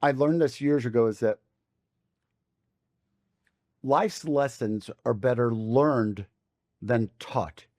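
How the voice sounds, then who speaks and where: A man co-hosting a podcast, speaking in a reflective, measured way as he gives life advice. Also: mid-range voice, darkish tone, no echo, clean studio sound. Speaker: podcast co-host. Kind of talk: casual podcast chat.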